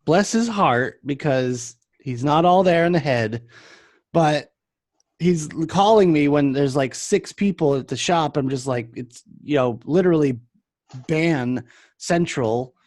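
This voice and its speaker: At an unhurried pace, a young man chats casually and tells stories about vape shop customers, animatedly imitating them in a higher voice. The recording is dry, with clean studio sound.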